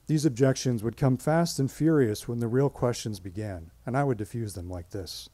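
Mellow-voiced man telling a story live. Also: mid-range voice, no echo. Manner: measured, dramatic pauses. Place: stage at a live storytelling event.

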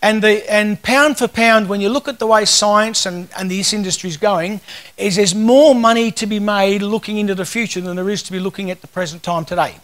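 A man's voice: sits high, fairly even intonation, fairly quick, fairly bright tone. A man in his fifties with an Australian accent, giving a casual, joking conference talk full of stories. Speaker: conference speaker.

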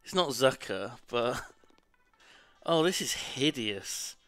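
A man's voice: mid-range voice, lively intonation, takes it slowly, fairly bright tone, no room sound, faint music behind. A man streaming a game live, chatting casually, swearing freely and muttering apologies to himself.

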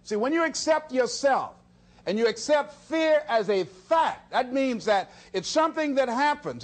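A man giving a motivational speech, telling stories with lots of energy and laughing often. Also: very high-pitched. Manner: animated storytelling, laughs often, talks to himself in acted quotes. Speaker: motivational speaker.

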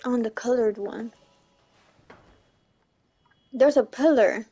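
A young woman chatting casually through a gameplay livestream, giggly and chatty, squealing when something excites her. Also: on the high side, takes it slowly, husky. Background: faint game music.

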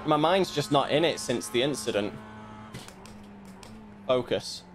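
A man's voice: fairly high pitch, expressive, brisk, faint music behind. Self-critical man commentating his own race. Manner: self-critical, muttering asides. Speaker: sim racing streamer. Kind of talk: casual commentary while racing.

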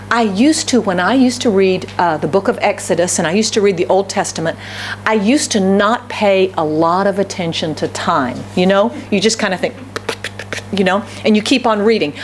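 At a church service, a woman pastor gives a conversational sermon, often putting questions to the congregation. Her voice is mid-range, with slight background noise.

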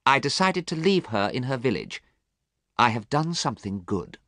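A man voicing a young gentleman in a storybook reading, earnest and pleading, in a raised voice. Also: medium pitch, big pitch swings, moderate pace, no echo, clean studio sound, pitched above the performer's own voice. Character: young gentleman, anxious and eager to be good.

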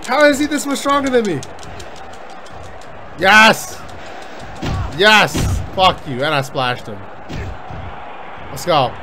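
Male gamer, fairly high voice, cursing and hyped, game music underneath. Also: moderate pace, long pauses, some chatter behind. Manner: excitable, profane, yelling at the game. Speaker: gaming YouTuber. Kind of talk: let's-play commentary.

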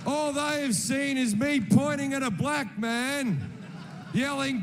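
A man's voice: very high voice, slow pace, noisy background. An Australian man doing stand-up, telling a story in a brash, profane, punchy way. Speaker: stand-up comedian.

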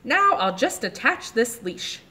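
A woman doing a bossy, shrill little girl. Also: sing-song, measured pace, breathy edge, exaggerated voice. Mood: pleased sing-song. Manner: snippy and loud. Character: bossy, demanding young girl, prone to screeching tantrums.

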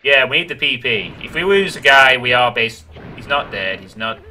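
This let's play stream has a man narrating his strategy aloud at a moderate pace, his mid-range voice pushed and bright, reacting with groans and swear words. Game music plays in the background.

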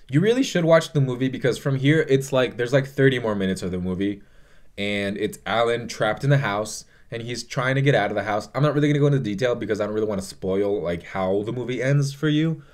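A young man with a fairly low voice recaps a movie in a loose, heartfelt vlog. He swears freely and trails off into fillers as he rambles through the story. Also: lively intonation, fairly quick, darkish tone. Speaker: vlogger. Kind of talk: casual movie review.

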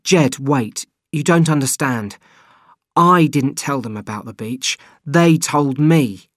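A man's voice: medium pitch, slow, no echo, studio quality, voice pushed up, close to an everyday voice. A man reading an audiobook, voicing a young male backpacker who pleads and defends himself in a raised, strained voice. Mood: anxious, defensive.

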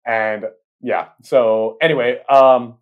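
A man's voice: medium pitch, normal speed, narrow, tinny audio. A young man in his twenties with a mid-range voice co-hosts a casual podcast. He rambles through his stories, filling gaps with "like" and "um". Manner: rambling, filler-heavy storytelling. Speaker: podcast co-host. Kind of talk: casual chat.

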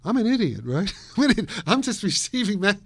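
New York-raised guest, around 80, high-ish voice, animated and rambling, dry close sound. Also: male voice, fast talker, no echo. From New York, USA. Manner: animated, laughs often, trails off and restarts. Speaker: interview guest, physicist. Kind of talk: rambling interview storytelling.

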